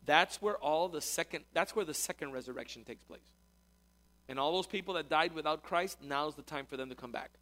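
A man's voice: a little high, a little fast, bright, forceful tone. A man teaching a conversational sermon as a pastor, repeating words as he explains. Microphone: recorded talk to a congregation.

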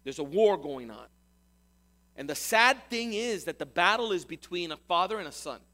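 A man's voice: high-pitched, animated, normal speed, pushed and bright. A male pastor giving a sermon, retelling a scripture story in an emphatic storytelling way.

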